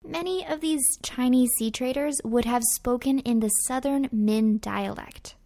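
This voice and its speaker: A woman's voice: sits high, measured pace, warm tone. A woman co-hosting a food history podcast, reading a script in turns with her partner in an upbeat way. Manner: upbeat, reads facts in turns with co-host. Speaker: podcast co-host. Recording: faint music underneath.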